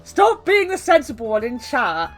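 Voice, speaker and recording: A woman's voice: high-pitched, big pitch swings, normal speed, faint music behind. A young woman from the West Country with a mild British accent, rambling and laughing as she chats with her stream viewers. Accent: mild British, light West Country. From West Country, England. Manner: rambling, chatty, laughs often. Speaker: game streamer. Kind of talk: casual chat with stream viewers.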